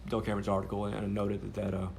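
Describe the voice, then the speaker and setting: Sardonic low gravelly man. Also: monotone, very fast, darkish tone, a little hiss or hum. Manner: sardonic, rambling with many fillers. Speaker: vlogger telling a story. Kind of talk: casual storytelling to camera.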